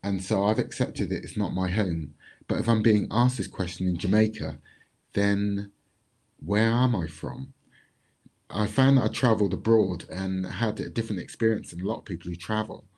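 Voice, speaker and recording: Low-voiced man telling his story. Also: a little mellow, husky. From Bristol, England. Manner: measured, reflective storytelling with pauses. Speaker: community speaker. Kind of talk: personal reflective talk.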